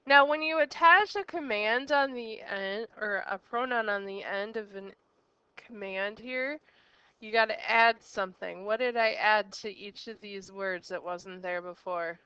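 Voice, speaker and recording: A woman's voice: medium pitch, measured pace, bright, forceful tone, clean tone, no room sound, dull audio. A woman as a teacher giving a recorded grammar lesson, explaining step by step and quizzing the listener with questions. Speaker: Spanish teacher.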